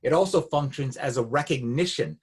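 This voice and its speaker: Husky man reading a measured academic talk. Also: fairly high pitch. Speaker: academic speaker. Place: Canada.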